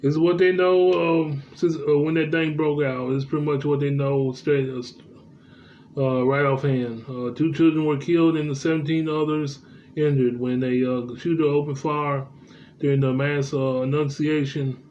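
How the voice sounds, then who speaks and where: A man's voice: a little high, level tone, a little mellow. A man vlogging the news, stumbling through reports with many fillers and restarts. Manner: halting, heavy with uh fillers and restarts. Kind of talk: casual news commentary, reading reports aloud. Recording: dull lo-fi sound, faint background noise.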